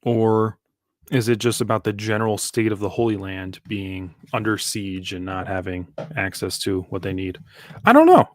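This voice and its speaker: A man's voice: fairly low pitch, flat delivery, moderate pace, dry recording, clean studio sound. A man streaming a live reaction, rambling casually with lots of fillers and restarts. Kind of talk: live manga reaction commentary.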